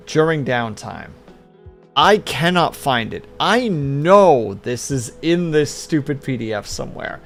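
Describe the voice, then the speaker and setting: A man chats on his live stream in a lively, up-and-down voice with a gravelly edge. He rambles and talks straight to his viewers, with faint music playing behind him. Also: medium pitch. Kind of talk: casual live-stream chat.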